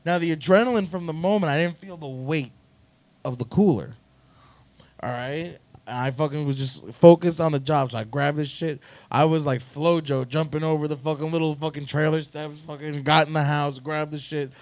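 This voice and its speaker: A man with a somewhat high voice swears freely as he tells a story on his podcast, animated and quick to act out the people in it. The sound is dry and close, with no room echo. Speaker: podcast host. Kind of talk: casual storytelling.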